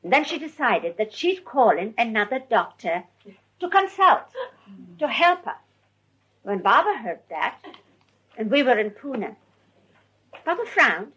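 A woman tells memories to a listening group in an animated, laughing style. Her voice sits a little high and has a husky grain. She spins her stories with lively warmth of delivery. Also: a little slow, pauses often, lo-fi sound. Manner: animated, often laughing while telling. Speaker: storyteller. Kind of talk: recounting memories to an audience.

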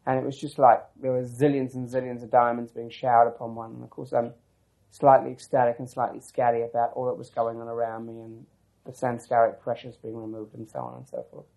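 A man recounting old memories in an oral-history interview, his voice sitting at an ordinary middle pitch. He wanders through the story with restarts and asides, reflective and unhurried. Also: gravelly, darkish tone, low-quality recording.

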